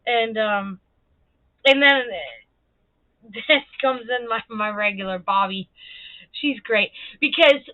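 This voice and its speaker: A woman's voice: fairly high pitch, slow, long pauses, dry recording. Tinny, dry-sounding chatty woman streamer. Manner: chatty, swears freely, laughs often. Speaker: livestream host. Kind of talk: casual livestream chat.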